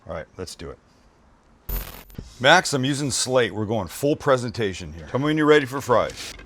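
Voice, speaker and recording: A male cooking show host in the middle of a relaxed demonstration, with a voice at an ordinary pitch. He raves about the food in bursts of excitement and tosses chatty asides to his crew. A faint ambient hum sits behind him. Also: moderate pace. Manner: gushing, exclamatory praise of food.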